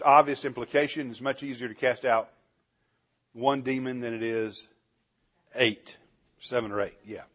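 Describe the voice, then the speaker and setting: A man teaching a Bible class, animated, asking the class questions and chuckling often, on a dull lo-fi recording. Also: mid-range voice.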